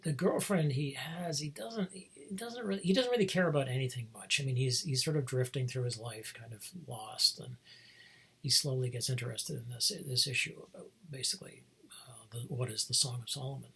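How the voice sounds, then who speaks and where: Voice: medium pitch, fairly quick, gravelly, a bit bright, slightly rough. A vlog host talking in a casual, meandering monologue, full of restarts and small chuckles. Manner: meandering, many fillers and restarts, chuckles often.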